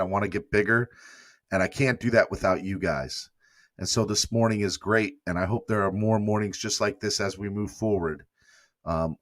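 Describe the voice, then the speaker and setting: A low-pitched man with a fairly bright tone hosts a live fan morning show, speaking emotionally and rambling while thanking viewers and reading their comments aloud. The casual stream sounds clean and studio-like, with no echo.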